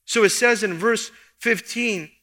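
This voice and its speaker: Male pastor, earnest sermon delivery with emphatic lifts, bright tone, reverberant hall. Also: high voice, a little slow. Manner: earnest preaching, rising for emphasis. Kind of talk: expository sermon.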